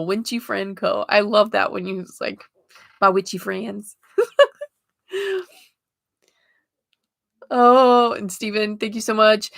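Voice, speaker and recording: A woman's voice: mid-range voice, gravelly, sharp tone, dry recording, studio quality. A woman hosting a spiritual livestream, chatting casually with viewers while she reads oracle cards and laughs often. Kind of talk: casual live chat reading oracle cards.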